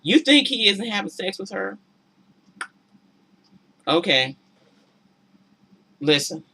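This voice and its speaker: A woman giving casual vlog commentary on a reality show, talking in an animated, incredulous way that climbs into exasperated outbursts. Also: mid-range voice, slow pace, vocal fry, husky.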